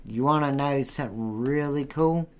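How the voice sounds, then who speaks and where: A young man co-hosting a podcast, talking loud and crude, cracking jokes and cursing freely. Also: medium pitch, moderate pace, smooth. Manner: rowdy, profane, joking. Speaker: podcast co-host. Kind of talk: crude casual chat.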